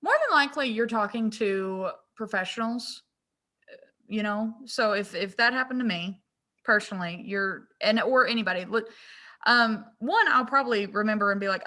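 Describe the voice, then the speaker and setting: A woman's voice: medium pitch, bright, forceful tone. A young woman, chatting candidly as a guest designer and laughing at herself. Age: young adult. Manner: candid, self-deprecating, quick to laugh at herself. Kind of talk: casual interview chat.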